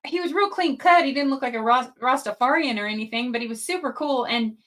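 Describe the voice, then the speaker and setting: A woman's voice: high-pitched, fast talker, fairly bright tone. A middle-aged woman hosting a podcast, telling a personal story in a chatty, emotional way full of rambling asides. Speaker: podcast host.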